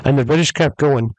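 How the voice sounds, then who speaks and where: Rambling through a lengthy tale, this male podcast host chats casually and calls his audience folks. His fairly high voice is a little mellow, captured in a dry, low-quality recording.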